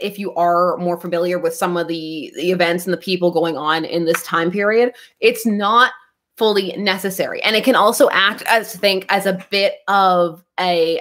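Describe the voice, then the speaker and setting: A woman's voice: mid-range voice, a bit bright. A woman hosting a casual comic book club livestream, talking in a rambling way with many restarts and laughs. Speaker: comic book channel host.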